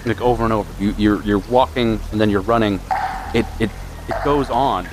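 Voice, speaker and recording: A man running a tabletop role-playing game as game master, narrating in a halting way with repeated words. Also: lowish voice, noisy background.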